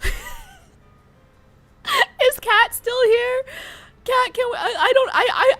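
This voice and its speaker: Excitable, high-voiced woman streamer. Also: slow pace, long pauses, faint music behind. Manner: chatty, excitable, addresses chat. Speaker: livestreamer. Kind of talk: casual live-stream chat and reading aloud.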